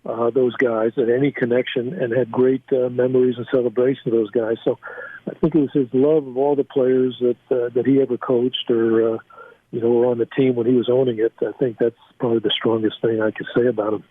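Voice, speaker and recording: A man's voice: medium pitch, little pitch movement, no room sound. Older male guest, rambling anecdotal delivery full of restarts, heard over a thin phone line. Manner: halting, many fillers and restarts, laughs at own stories. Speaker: guest, former team scout. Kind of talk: storytelling in a casual interview. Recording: tinny phone line, dry.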